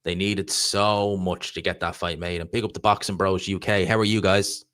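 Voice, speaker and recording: Low-voiced Irish man chatting on stream. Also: fairly even intonation, moderate pace, a bit bright, clean tone, no echo. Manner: rambling, chatty, answers questions from chat. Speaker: livestream host reading viewer chat. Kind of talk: casual live-stream chat.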